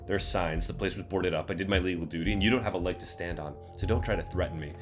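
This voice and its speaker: A man voicing a stern young woman in a game, speaking firmly and defensively in a low, quiet voice. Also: fast, soft background music, lightly acted. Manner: firm, defensive. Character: stern young woman, hard-nosed town heir.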